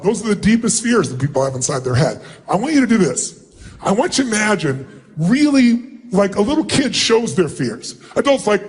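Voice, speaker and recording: Middle-aged guy firing up a giant crowd at a seminar, loud bossy instructions, voice sits high-ish. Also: very animated, normal speed, breathy edge. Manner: commanding, emphatic, often shouting instructions to the audience. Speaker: motivational speaker. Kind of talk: live seminar address to a large crowd. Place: large event hall with thousands of people.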